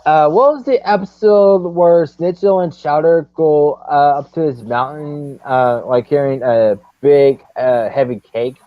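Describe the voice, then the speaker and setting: A man hosting a casual chat, speaking haltingly with many pauses. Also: fairly high pitch, no room sound. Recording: dry, dull lo-fi mic.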